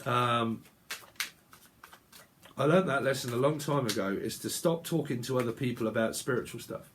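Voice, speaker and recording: A man's voice: medium pitch, normal speed, fairly bright tone, a little hiss or hum. A man giving a casual tarot reading, rambling bluntly and swearing freely. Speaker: tarot reader.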